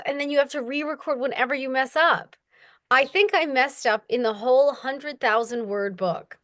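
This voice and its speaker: Lively young woman telling stories. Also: moderate pace, dry recording, clean studio sound. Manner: animated, acts out quoted voices with big pitch jumps. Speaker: guest, audiobook narrator. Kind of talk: casual interview talk.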